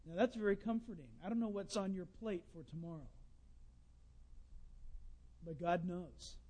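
A man preaching a sermon, telling folksy stories and swinging between loud bursts and hushed asides. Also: high-pitched, moderate pace.

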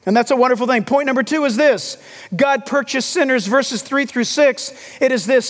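A pastor preaching a sermon with animated delivery, acting out the voices of the people in his story. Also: very high voice, moderate pace. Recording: long hall reverb.

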